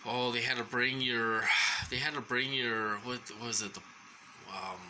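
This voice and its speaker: Halting man with a very bright voice. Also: mid-range voice, fairly even intonation, a little hiss or hum, rough recording. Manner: halting, full of ums and restarts. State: short of breath at times. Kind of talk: rambling personal monologue.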